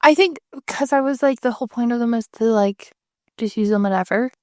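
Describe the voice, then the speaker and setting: Woman co-host, slightly high voice, easygoing chat, dry close mic. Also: brisk, dry recording. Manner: relaxed, conversational, many fillers. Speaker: podcast co-host. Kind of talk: casual chat.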